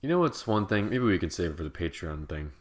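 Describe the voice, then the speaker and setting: A man's voice: low-pitched, big pitch swings, fast. A man co-hosting a casual wine podcast, rambling and joking with plenty of swearing. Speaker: podcast co-host. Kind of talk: casual chat.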